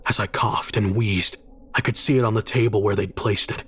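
Guy with a really husky breathy voice reading a creepy story, slow and dramatic. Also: on the low side, fairly even intonation. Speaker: horror story narrator. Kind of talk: scripted narration.

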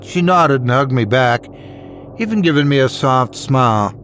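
A man reading a horror story aloud in a measured, suspenseful way. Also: mid-range voice, expressive, fairly bright tone, slight background noise. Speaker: narrator. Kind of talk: scripted horror story narration.

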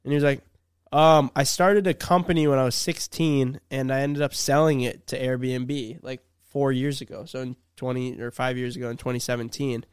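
A young man on a casual podcast, spinning a story with lively back-and-forth voices. His voice is smooth and resonant and sits at a middling pitch. The recording is dry and close. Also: normal speed, dry recording. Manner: animated storyteller, acts out both sides of a conversation. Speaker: podcast host.

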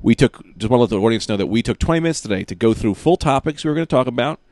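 A man's voice: mid-range voice, expressive, a little mellow, no echo. A man co-hosting a podcast, telling jokey stories in casual banter. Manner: rapid, storytelling, jokey. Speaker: podcast co-host.

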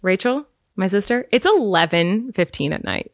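A woman's voice: mid-range voice, lively intonation, normal speed, dry recording, clean studio sound. A woman co-hosting a podcast in casual chat, playful and teasing toward her partner. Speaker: podcast co-host.

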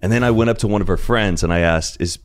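A man's voice: lowish voice, fast talker. A young man telling stories as a podcast guest in a laid-back, rambling way. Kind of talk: casual storytelling.

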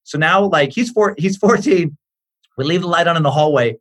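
A man in his forties, a comedian guest on a podcast, telling a story in a lively way and acting out the voices as he goes. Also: a little high, normal speed. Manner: lively, acts out the voices in his stories, swears freely. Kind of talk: animated storytelling in casual chat.

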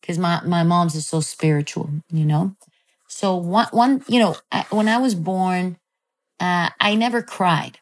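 A woman telling a personal story in a casual chat, animated and full of fillers. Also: lowish voice, unhurried.

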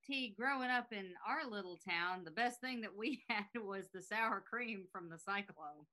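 A woman's voice: mid-range voice, moderate pace, sharp tone. A woman from South Carolina with a Southern accent, co-hosting a podcast in brash, joking casual chat.

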